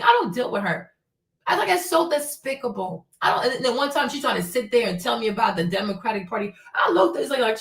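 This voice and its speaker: A woman's voice: sits high, animated, a little fast, creaky, a bit bright. A woman hosting her own show, ranting casually in a blunt, profane, indignant way. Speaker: show host. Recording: roomy sound, mic at a distance.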